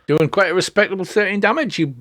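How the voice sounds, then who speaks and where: A man narrating a tabletop game as its master, making quick, chatty rulings and laughing along. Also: high voice, a bit bright, slight background noise. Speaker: dungeon master.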